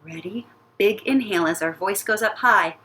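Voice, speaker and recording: A woman teaching an elementary music class, guiding young children through a playful warm-up with sing-song sound effects. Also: medium pitch, normal speed. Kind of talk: recorded lesson for young children.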